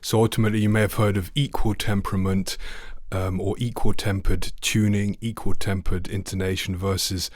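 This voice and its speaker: A man's voice: on the low side, flat delivery, normal speed, hardly any pauses, no echo, studio quality. A man teaching a trombone lesson online, friendly and asking the viewer questions. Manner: friendly, asks the viewer questions, sings notes.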